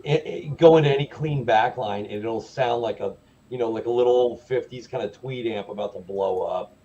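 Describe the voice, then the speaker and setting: A man's voice: mid-range voice, fairly quick, dark tone. A man co-hosting a live stream, describing guitar gear in detail in a casual chat. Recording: dull lo-fi call audio.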